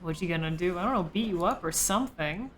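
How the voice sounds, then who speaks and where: A woman streaming a game live who reacts with excitement and swears freely while she thanks her viewers. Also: on the low side, quick pace, a little hiss or hum. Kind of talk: casual live-stream commentary.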